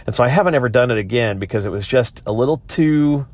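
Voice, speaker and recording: A man's voice: mid-range voice, expressive, fast, a little mellow. A man hosting a podcast, talking in a rambling, thoughtful way with many restarts. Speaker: podcast host. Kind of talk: casual monologue.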